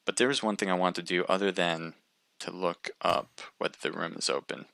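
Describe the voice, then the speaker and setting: A man's voice: sits low, steady tone, a little fast, vocal fry, bright, forceful tone, no room sound. A man casting a live stream, chatting casually with viewers and thinking aloud with frequent restarts. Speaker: livestream caster.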